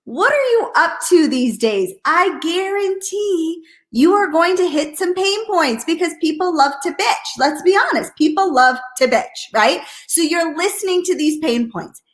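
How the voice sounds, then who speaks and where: A woman coaching network marketers on a live stream, energetic and blunt, repeating "okay?" and acting out hesitant and excited voices. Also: very high voice, measured pace.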